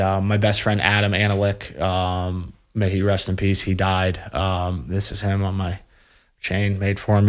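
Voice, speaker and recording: Low-voiced man telling a raw story. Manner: emotional, halting, many fillers and restarts. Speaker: podcast guest. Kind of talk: candid personal story.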